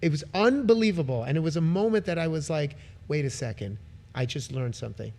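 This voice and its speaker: This middle-aged podcast guest has a voice on the high side and talks a little fast. He shares casual stories in an animated style, doing voices for the people he describes.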